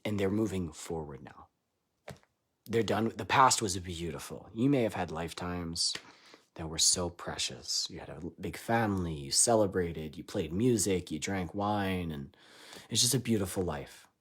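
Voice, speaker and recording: A man giving a live channeled reading, loose and irreverent, swearing and laughing between lines, swinging between loud declarations and quiet asides. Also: low-pitched, lively intonation, normal speed, slightly rough. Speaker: spiritual channeler.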